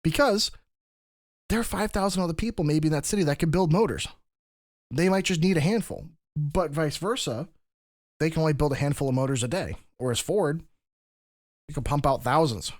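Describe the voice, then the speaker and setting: A man's voice: a little high, normal speed, pauses often, no echo, studio quality. A man hosting a podcast, explaining history in a casual, lecturing way with frequent restarts. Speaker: podcast host.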